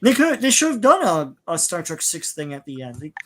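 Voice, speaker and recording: A man's voice: on the high side, huge pitch swings, fairly quick, fairly bright tone, a little hiss or hum. A man co-hosting a casual talk show, giving rambling, opinionated takes and laughing often. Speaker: podcast co-host. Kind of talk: casual chat.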